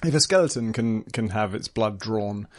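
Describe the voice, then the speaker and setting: A man adding dry, quick quips to a casual podcast chat. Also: fairly low pitch, lively intonation, no room sound.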